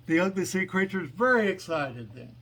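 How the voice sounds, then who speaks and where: A man's voice: high-pitched, lively intonation, brisk, pushed and bright. A man telling a long joke as a casual story, meandering and hesitant with many fillers. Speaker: joke teller.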